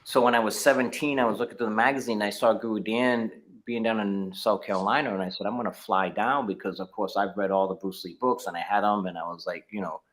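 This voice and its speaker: A man's voice: on the low side, steady tone, fast talker, few pauses, fairly bright tone. A middle-aged man, a martial arts instructor, telling his story in a casual interview over a video call, with many fillers and restarts.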